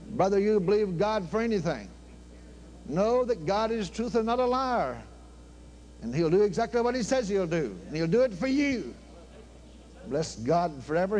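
An older man preaching a sermon in a fervent, folksy manner, swinging between loud exclamations and low murmured prayer. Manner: folksy, with plain everyday grammar. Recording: faint hum behind the voice.

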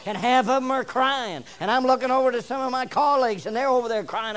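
High-voiced preacher, folksy sermon. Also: male voice, fast, hardly any pauses. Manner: folksy storytelling, shouting bursts.

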